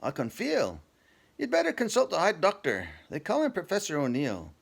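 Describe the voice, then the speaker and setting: A man's voice: a little high, wildly swooping pitch, normal speed, vocal fry, breathy edge, pitched above the performer's own voice, heavily acted. A man voicing a polite young house doctor with a Scottish accent. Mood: courteous.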